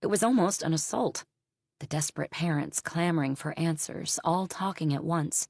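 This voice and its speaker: Low, gravelly woman narrating an audiobook. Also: normal speed, darkish tone, no room sound, studio quality.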